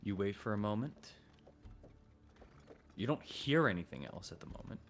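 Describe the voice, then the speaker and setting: A man narrating as game master of a tabletop game, relaxed and loose, with some filler words. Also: fairly low pitch, moderate pace, a little hiss or hum.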